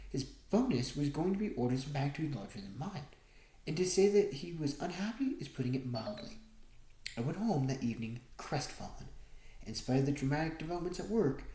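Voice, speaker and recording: A woman reading a first-person memoir as an audiobook narrator, expressive storytelling. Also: low-pitched, roomy sound, rough recording. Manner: expressive storytelling, wide swings in tone.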